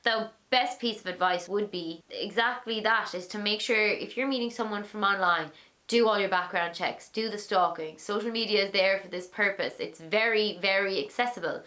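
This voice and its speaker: A woman's voice: mid-range voice, moderate pace, sharp tone. A young woman hosting a casual chat about dating, talking chattily, laughing often and reading out listener questions. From Ireland. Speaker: host.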